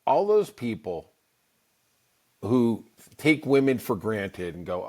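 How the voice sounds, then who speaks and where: A man's voice: medium pitch, big pitch swings, unhurried. A middle-aged man hosting a podcast, telling a rambling comic story with wry asides. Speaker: podcast host. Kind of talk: casual comic storytelling monologue.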